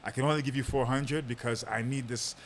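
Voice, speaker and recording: A man's voice: medium pitch, steady tone, a little fast, slight background noise. A young man telling a long personal story on a podcast in a casual way, with lots of fillers and laughter. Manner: laid-back, laughs often, lots of fillers. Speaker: podcast host.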